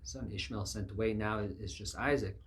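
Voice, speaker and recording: A man's voice: lowish voice, a little fast. A man preaching a sermon in an emphatic way, acting out the voices of the people he quotes.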